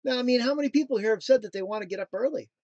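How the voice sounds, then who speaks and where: A man in his thirties hosts a casual motivational talk, with a high-pitched voice recorded dry and close. He wanders into playful, jokey tangents and then returns earnestly to his message. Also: racing, a little mellow, no room sound, muffled recording. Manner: playful, jokey asides, sings snatches. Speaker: motivational show host.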